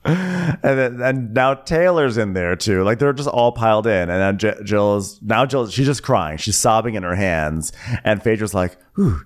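Animated male podcast co-host. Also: on the low side, moderate pace. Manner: animated, acts out quotes in other voices. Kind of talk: casual chat recapping a reality show.

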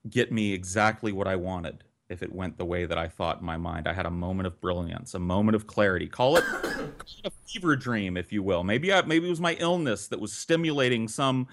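A man's voice: low voice, fairly quick. Profane man telling a wild story. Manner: profane, vivid and animated. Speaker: storyteller on a podcast. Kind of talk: casual storytelling.

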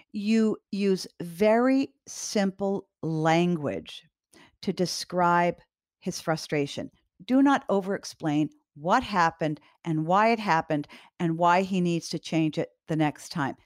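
A woman with a fairly low voice explains parenting steps in a calm, direct way. She repeats her main advice for emphasis. The sound is dry and close. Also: no room sound. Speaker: parenting educator. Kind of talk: instructional talk to parents.

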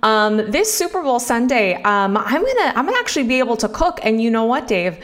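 A woman's voice: fairly high pitch, sing-song, a little fast, a bit bright. A woman co-hosting a sports talk show, chatty and enthusiastic, with plenty of fillers and teasing. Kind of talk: casual chat.

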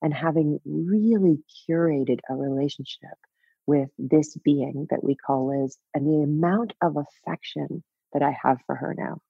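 A woman's voice: low voice, mellow, husky, dry recording, lo-fi sound. A woman in her fifties telling a personal story as a podcast guest, frank and wry, laughing at herself. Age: 50s. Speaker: guest author.

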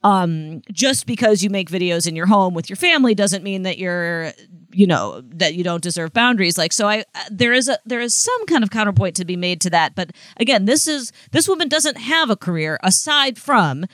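A woman's voice: medium pitch, expressive, normal speed, fairly bright tone, dry recording. A woman co-hosting a podcast, chatting casually and rambling with lots of fillers and restarts. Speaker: podcast co-host. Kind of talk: casual gossip chat.

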